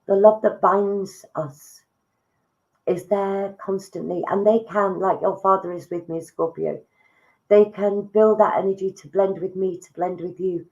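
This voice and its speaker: A woman giving live psychic readings, soft and emotive, calling listeners darling. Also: mid-range voice, fairly even intonation, measured pace, muffled recording. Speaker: psychic medium.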